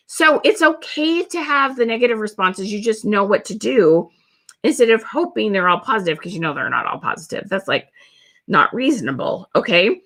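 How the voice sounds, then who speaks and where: A woman's voice: medium pitch, pushed and bright. A woman coaching on social media sales in a webinar, stressing points by repeating words. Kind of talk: webinar teaching.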